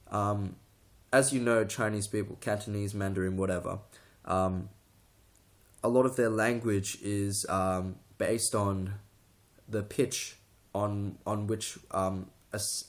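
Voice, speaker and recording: A young man talking to the camera in a casual tutorial, rambling, restarting sentences and getting sidetracked. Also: on the low side. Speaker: vlogger.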